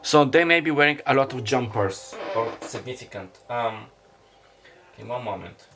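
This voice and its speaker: A man's voice: mid-range voice, moderate pace, over music. A man who is not a native English speaker gives a casual tarot reading, rambling and hesitant, often stopping to apologize and correct himself. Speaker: tarot reader.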